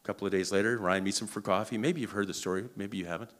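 A man preaching a sermon, telling a story in an animated way and often restarting or repeating words. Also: on the low side, racing. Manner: animated, acts out quoted dialogue.

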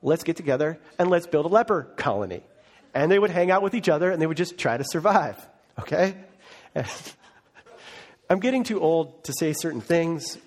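A man preaching a sermon as pastor, telling a story lively with quick voiced bits. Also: a little high.

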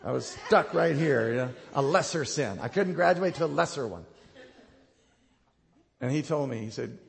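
A middle-aged male pastor preaching with fervor, his voice sitting a little high for a man and carrying a gravelly edge. He swings between ringing proclamations and quiet, hushed passages. The sound rings out across a church sanctuary with a long reverb tail. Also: animated, moderate pace, long pauses. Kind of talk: sermon.

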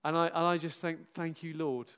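Saying goodbye to his congregation, a middle-aged pastor pokes fun at himself with great animation, breaking into loud exclamations and laughter. He speaks smoothly and fairly quickly in a slightly high voice.

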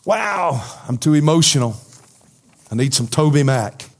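A middle-aged man preaching a sermon and then answering questions from his congregation, emphatic, sinking to a soft intensity at key points. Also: on the high side, expressive, a little slow.

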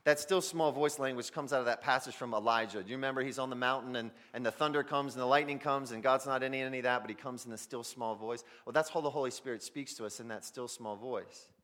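A man preaching a sermon, swinging between loud emphasis and near-whispers as he speaks directly to his listeners. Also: mid-range voice, fast talker, hardly any pauses. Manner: addresses listeners directly as "guys". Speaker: pastor.

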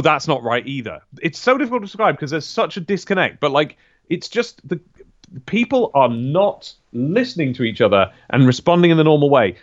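A man co-hosting a casual podcast, his fairly high voice rising and falling in lively swings. He rambles, stops to correct himself and laughs often. The sound is dull and dry, like a cheap mic. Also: dry recording. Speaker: podcast co-host. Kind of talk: casual chat.

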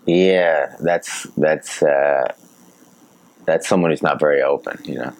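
A man chatting as a podcast guest, telling his stories in a lively, animated way and laughing often. His voice is extremely deep. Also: slow pace, low-quality recording. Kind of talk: casual conversation and storytelling.

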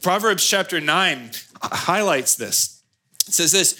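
A man in his thirties, a pastor preaching a sermon with animated storytelling. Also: high voice, slow pace, husky. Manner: animated storytelling with acted-out quotes.

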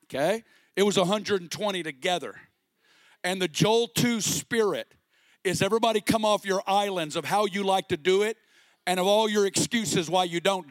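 A middle-aged man preaching a sermon with passion, sometimes rising to a shout. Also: high-pitched, no room sound. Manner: impassioned, rising to shouts at peaks.

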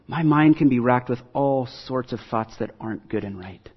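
A man's voice: medium pitch, moderate pace, breathy edge, dull audio. A man preaching a sermon to his congregation, earnest and conversational, with self-deprecating asides. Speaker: pastor.

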